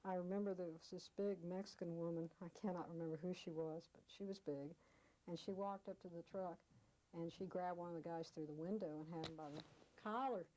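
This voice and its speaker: Low, mellow-voiced woman telling a story. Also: steady tone, brisk, low-quality recording. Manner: vivid storyteller, acts out quoted speech. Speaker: oral history interviewee. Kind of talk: storytelling recollection.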